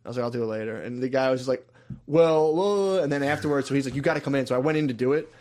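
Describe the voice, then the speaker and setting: A man rattles through stories at a quick clip, slipping into other people's voices as he retells them. His pitch sits in the middle and his swearing is casual. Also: fairly even intonation, a little mellow. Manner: storytelling, acts out quotes, swears a lot. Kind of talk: casual chat.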